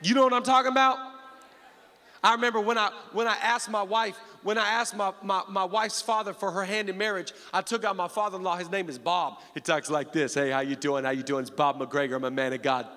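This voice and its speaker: A man's voice: high voice, big-room sound. A man preaching a sermon in a church, telling humorous stories and calling out to the congregation. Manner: lively, humorous storytelling with call-and-response to the crowd.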